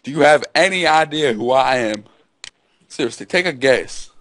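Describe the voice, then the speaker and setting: A man making a prank phone call, bragging absurdly and mock-threatening in a deliberately ridiculous way. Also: medium pitch, lively intonation, fairly bright tone. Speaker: prank caller.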